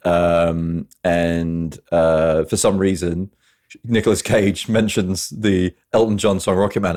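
A man with a fairly low voice, chatting on a film podcast. He walks through movie scenes step by step and drops into quoted lines as he goes. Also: takes it slowly. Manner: animated storyteller, retells scenes with quoted lines. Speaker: podcast host. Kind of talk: casual film podcast chat.

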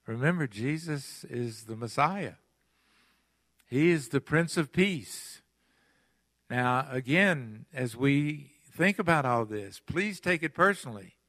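A man delivers a sermon at an unhurried, deliberate pace, leaning into earnest questions for his congregation. His voice sits at an ordinary middle pitch and sounds close and dry, with little room echo. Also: expressive, a bit bright. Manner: earnest preaching with pleading questions and long pauses. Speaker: pastor. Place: church sanctuary.

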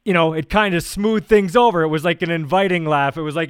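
An easygoing man hosts an interview, nudging his guest along with quick affirmations. His voice sits high and sounds smooth and resonant. The recording is dry and close. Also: no echo. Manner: easygoing, prompting with short affirmations. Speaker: interview host. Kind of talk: conversational interview.

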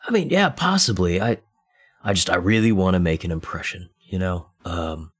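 A man's voice: low voice, lively intonation, moderate pace, slightly rough. Man playing a perky private eye posing as a tourist. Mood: eager. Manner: eager, friendly, chatty.

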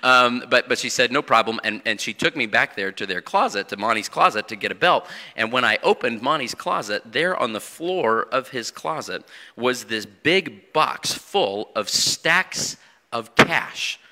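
A man's voice: mid-range voice, lively intonation, measured pace, sharp tone. Folksy man preaching in a reverberant church. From Indianapolis area. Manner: folksy storytelling with frequent fillers and restarts. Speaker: guest preacher. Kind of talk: sermon with humorous stories. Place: church sanctuary. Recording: long church hall reverb.

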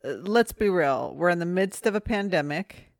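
A woman's voice: lowish voice, expressive, moderate pace, creaky, no echo, clean studio sound. A woman co-hosting a casual podcast, questioning and laughing easily. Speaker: podcast co-host.

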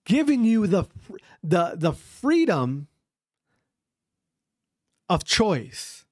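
A man's voice: high voice, sing-song, drawn-out words, dry recording, clean studio sound. A man hosting his own podcast, speaking in an emphatic, repetitive and profane rant. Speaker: podcast host.

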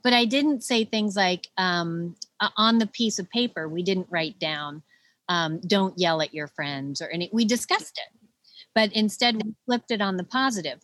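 A middle-aged woman, a children's book co-author, telling parenting stories in a lively, chatty way and laughing often. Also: mid-range voice, moderate pace, dry recording. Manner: animated storyteller, laughs often. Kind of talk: casual conversation.

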